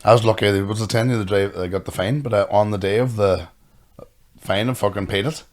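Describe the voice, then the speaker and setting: A man's voice: on the low side, fairly even intonation, quick pace. Man, Northern Irish accent, podcast co-host, blunt banter, swearing. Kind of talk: casual banter.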